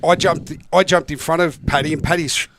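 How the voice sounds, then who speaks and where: A man's voice: a little high, a little fast, a little hiss or hum. Australian man spinning a footy yarn. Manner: animated yarn-spinning, acts out quotes. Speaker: guest, former footballer. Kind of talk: casual storytelling.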